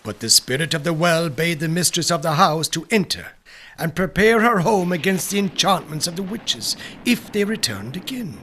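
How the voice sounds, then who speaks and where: A man reading folk tales aloud in a slow, dramatic storytelling manner. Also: fairly high pitch, expressive, bright, forceful tone, slight background noise. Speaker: narrator. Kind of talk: scripted folklore narration.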